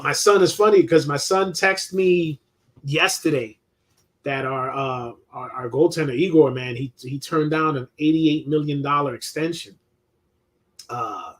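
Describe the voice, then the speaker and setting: Swearing New man chatting casually. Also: fairly high pitch. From New York. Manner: laid-back, swears freely, many restarts and laughs. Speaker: host reading chat questions. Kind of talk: casual live-stream chat.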